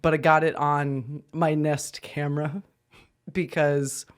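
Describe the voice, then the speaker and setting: An anxious man co-hosting a podcast, telling stories in an animated way, laughing often and jumping up in pitch when worked up. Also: slow pace. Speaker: podcast co-host. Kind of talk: casual chat.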